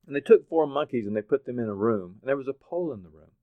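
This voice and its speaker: A man from Oklahoma gives a motivational talk and tells animated stories, acting out voices as he goes. His voice sits in the middle range. The recording is dry and thin, as if heard over a phone line. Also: mid-range voice, fast talker, dry recording. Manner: animated storytelling, acts out voices and laughs. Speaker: motivational speaker. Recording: dry, phone-like narrow sound.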